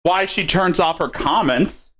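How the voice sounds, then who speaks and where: A man's voice: high voice, unhurried, a bit bright. A man commenting scornfully on a clip during a live stream, swearing as he talks.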